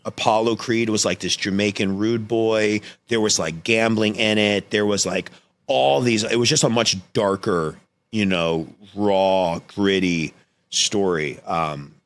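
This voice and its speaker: Guest storyteller: deep-voiced man, animated and profane, casual podcast chat. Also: a little slow. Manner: animated, acts out quotes in raised voices, swears freely.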